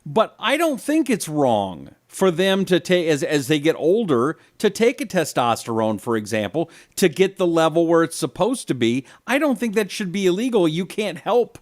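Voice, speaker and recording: A man's voice: fairly high pitch, very animated, normal speed, hardly any pauses, dry recording, studio quality. A man co-hosting a casual talk show, jokey and asking leading questions.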